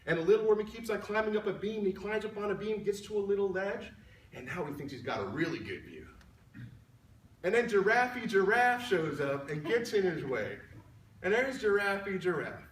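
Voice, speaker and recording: A man telling a humorous tall tale as a speech contestant, switching between soft asides and loud lines. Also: sits high, sing-song, moderate pace. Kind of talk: storytelling speech. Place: large room at a company event. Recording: echoey room, mic far off, faint background hum.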